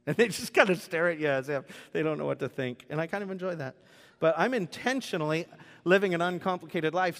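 Joking pastor preaching in a big hall. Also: male voice, fairly high pitch, a little fast, fairly bright tone. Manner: conversational, joking, acts out quoted voices. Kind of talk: sermon. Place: church sanctuary. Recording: preached in a large reverberant hall.

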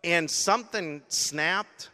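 A man's voice: fairly high pitch, takes it slowly, sharp tone. Emotional middle-aged man, echoing church hall. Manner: emotional, storytelling, with acted-out gasps and quotes. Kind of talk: sermon testimony. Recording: long hall reverb.

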